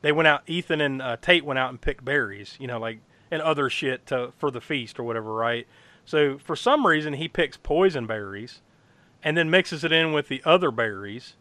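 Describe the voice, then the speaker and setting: A man in casual podcast chat, excitedly recapping a horror film, swearing freely, laughing often and acting out lines. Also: mid-range voice, moderate pace, no room sound.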